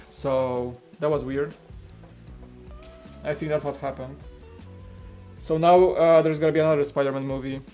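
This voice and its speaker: Man, live-stream host, casual rambling chat, slightly high voice, studio mic, faint background music. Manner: rambling, thinking aloud to chat.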